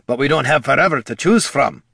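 A man's voice: medium pitch, lively intonation, fairly quick, gravelly, a bit bright, slightly rough, dry recording, clean studio sound, pitched above the performer's own voice, heavily acted. A man voicing a blunt, folksy veteran adventurer who worries about his party. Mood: earnest.

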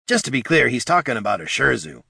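A man's voice: mid-range voice, big pitch swings, fast, vocal fry, bright, forceful tone, breathy edge, no room sound, clean studio sound, pitched above the performer's own voice, full character voice. A man voicing a small, anxious kobold. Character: nervous little kobold.

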